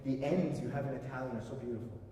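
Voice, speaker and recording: A man conductor coaching a singer in a master class, emphatic and animated, often singing phrases to show them. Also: mid-range voice, quick pace. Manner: animated, emphatic, sings and speaks phrases to demonstrate. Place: concert hall. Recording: echoey hall from far off.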